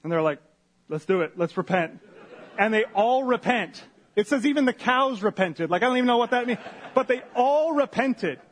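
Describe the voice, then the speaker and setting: A pastor giving a casual, conversational sermon, retelling scripture with animated asides and questions to the congregation. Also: male voice, extremely high pitch, brisk.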